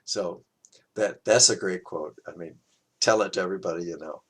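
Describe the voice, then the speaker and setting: A man teaching a qigong class, talking in a reflective, halting way with many fillers and restarts. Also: low-pitched, slightly rough. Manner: gentle, chuckles at his own quotes.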